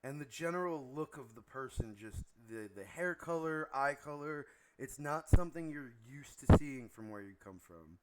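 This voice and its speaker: Give me a relaxed man as game master, narrating over clear background noise. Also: medium pitch, normal speed, few pauses. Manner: relaxed, descriptive, with frequent ums.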